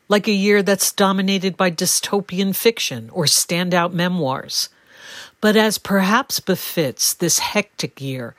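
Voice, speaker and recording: A woman, a book critic, reading a scripted review in a measured, articulate way. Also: fairly low pitch, no echo.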